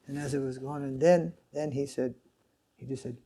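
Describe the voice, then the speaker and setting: A man giving a sermon as a swami, telling a story in a halting way with many fillers and restarts. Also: mid-range voice, steady tone, mellow, husky.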